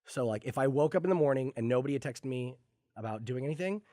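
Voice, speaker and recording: A man chatting on a podcast, spinning a long rambling story at a brisk clip. He swears freely and acts out what people said. The sound is close and dry, with no room around it. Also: medium pitch, animated, mellow, no room sound. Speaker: podcast guest telling a story. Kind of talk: casual chat. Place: studio.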